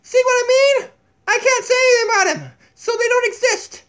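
A man voicing a silly, fart-obsessed male donkey puppet who is jumpy and easily scared, talking in a squeaky, giggly way in a home kitchen on a tablet mic. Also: fairly even intonation, brisk, fairly bright tone. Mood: cheeky. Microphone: tablet camera mic.

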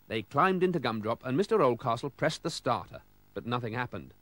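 Male storybook reader, animated pitch, dry close sound. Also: brisk, no room sound. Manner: lively, expressive storytelling. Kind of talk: storybook read-aloud.

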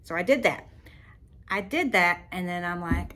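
A woman hosting her own podcast, telling a personal faith story in an animated, emotional way and talking straight to her listeners. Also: fairly low pitch, normal speed, a little hiss or hum. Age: adult parent. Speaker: podcast host.

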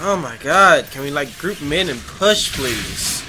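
A man's voice: on the high side, big pitch swings, a little slow. Young guy ranting at his team over game music, voice jumps all over, swears a lot. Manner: exasperated, swearing, yelling at teammates. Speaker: gamer commentating his own match. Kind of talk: frustrated live gameplay commentary.

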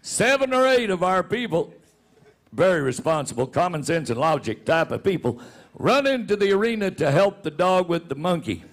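With a high-sitting, sing-song voice at normal speed, a man tells a funny folksy story, chuckling through his own telling. He is a rodeo announcer and a regular on the show.

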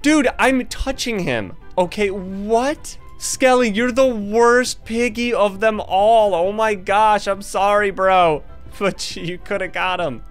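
A man giving casual gameplay commentary as a gaming host, excitable and playful, laughing and trash-talking often. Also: sits high, slow, clean tone, faint music behind.

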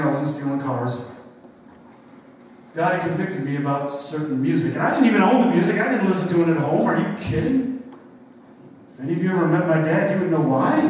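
Male youth pastor, high voice, animated storytelling sermon, heard from far off in a reverberant church hall. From western New York. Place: church sanctuary. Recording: echoey church hall from far off, faint noise.

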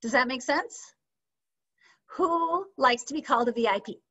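High-voiced woman leading a sales training. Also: normal speed. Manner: lively, asks the audience questions. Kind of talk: training session on a video call. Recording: slightly dull lo-fi sound.

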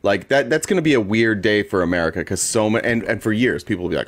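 A man's voice: lowish voice, lively intonation, fairly quick. A man co-hosting a casual political talk show, sarcastic and swearing freely as he mocks what he watches. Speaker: co-host.

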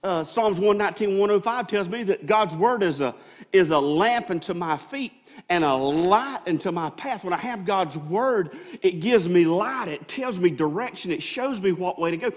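A pastor preaches from the pulpit in a high, ringing voice, repeating and restarting phrases as he builds toward his point. His voice trails off into the long reverb of the church sanctuary around him. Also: animated, moderate pace. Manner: preaching with many restarts and rising emphasis. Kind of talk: sermon.

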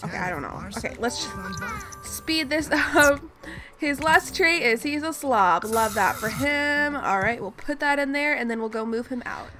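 A woman's voice: high-pitched, expressive, moderate pace, pushed and bright. A woman hosting a gaming channel, giving casual gameplay commentary in a chatty, mock-exasperated way and scolding the characters on screen. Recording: voice over clear background music. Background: background music.

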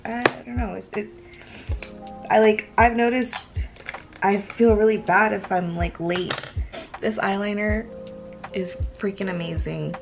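Chatty Southern American woman with a gravelly edge. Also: medium pitch, fairly even intonation, unhurried, long pauses, music in the background. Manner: chatty, swearing, rambling with fillers. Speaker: vlogger. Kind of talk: casual chat. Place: home, getting ready.

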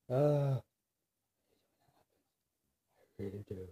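A man with a sore throat and a nagging cough, rambling in a scattered, self-deprecating way to his camera and clearing his throat often. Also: mid-range voice, a little slow, pauses often, mellow. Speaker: vlogger. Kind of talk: rambling casual monologue to camera.

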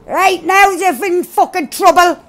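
A woman giving loud, excited gameplay commentary, swearing and shouting at opponents as she plays. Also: very high voice, a little slow. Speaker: gaming streamer.

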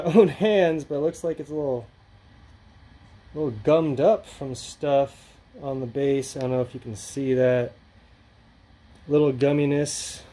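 A man's voice: a little high, warm tone, poor audio. A man hosting his own channel, talking casually and rambling through an unboxing with lots of fillers and restarts. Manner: rambling, filler-heavy, offhand. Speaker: channel host.

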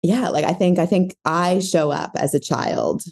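A woman with a low voice and a gravelly edge talks through her thoughts as a parenting coach. Her tone is dark and mellow. She is reflective and searches for words, with plenty of fillers. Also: unhurried. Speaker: parenting coach, podcast guest. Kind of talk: casual interview talk.

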